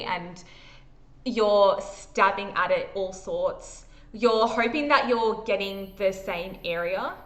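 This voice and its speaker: Running a tabletop horror session as game master, this Australian woman describes the scene in vivid detail but stops often to fill gaps with "um"s and the like. She speaks at a medium pitch with a fairly bright tone.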